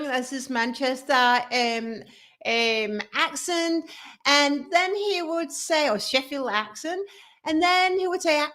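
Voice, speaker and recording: A middle-aged woman with a high voice talks slowly and earnestly as a leadership coach. She often restarts and corrects herself mid-sentence, sharing a personal story straight to camera. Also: animated, a bit bright.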